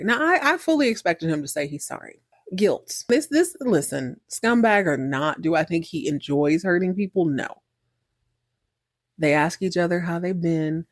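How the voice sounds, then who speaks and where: A woman's voice: on the low side, expressive, normal speed, dry recording, studio quality. A woman podcast host giving an outspoken, emphatic recap of a TV episode, often restarting with repeated words.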